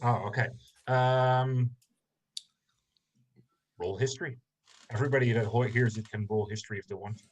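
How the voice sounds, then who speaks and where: A man narrating a tabletop game as game master, pausing often with ums and restarts. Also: mid-range voice, fairly even intonation, lo-fi sound. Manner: hesitant, many ums and restarts.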